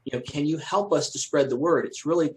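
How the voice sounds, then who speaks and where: A man's voice: on the high side, brisk, slight background noise, poor audio. A man presenting at an association meeting, answering questions in a conversational way with frequent restarts and fillers. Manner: hesitant, many restarts and fillers. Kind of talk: conversational Q&A on a call.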